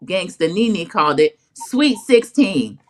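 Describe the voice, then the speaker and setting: A woman co-hosting a casual chat show recaps a reality show episode in a low, very animated voice, speaking slowly. She tells it as a chatty story, quoting people in a put-on voice along the way.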